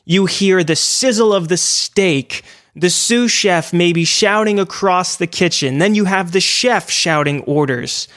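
Higher-voiced man hosting a podcast. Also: measured pace, fairly bright tone, no echo, clean studio sound. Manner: asks long, winding questions. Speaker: podcast host. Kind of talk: podcast interview.

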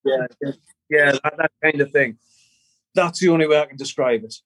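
A middle-aged man, a guest in an interview, telling a personal story in a halting way, repeating words and swearing casually. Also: fairly high pitch, crowd noise. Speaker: guest musician.

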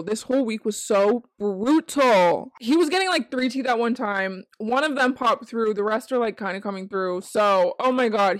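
A chatty young woman hosts a podcast from her bedroom, frank and quick to laugh, with a tired edge to her talk. Her voice sits a bit high. The sound is close and dry, with almost no room. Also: dry recording. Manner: chatty, frank, swears casually, laughs often. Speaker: podcast host. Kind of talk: casual chat. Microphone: handheld mic.

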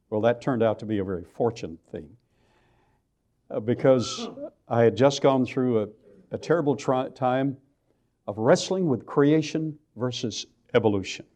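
Older Texan man, church lecturer, warm low-key timbre, folksy and emphatic. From Texas. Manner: folksy storytelling with slow emphatic stresses. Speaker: creationist lecturer.

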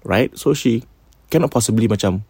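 A man with a Singaporean accent retelling ghost stories casually as a podcast host, animated and mixing in Malay phrases. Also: on the low side, moderate pace, husky, dry recording.

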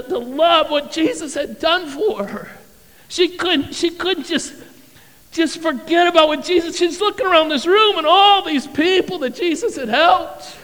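A male pastor preaching a sermon with animated, dramatic storytelling in a church sanctuary. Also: very high voice, big-room sound, low-quality recording.

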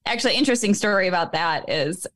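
A woman in her thirties, a podcast guest who tells her story in a chatty, animated way. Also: medium pitch, fast talker. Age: 30s. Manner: animated, chatty storytelling, acts out voices in quotes. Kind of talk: casual interview conversation.

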